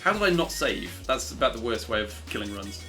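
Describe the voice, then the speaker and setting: A man's voice: mid-range voice, big pitch swings, brisk. Rambling man streaming a speedrun. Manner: rambling and self-mocking, swearing and reacting to chat. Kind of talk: casual live-stream chat. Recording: gameplay audio with loud music behind.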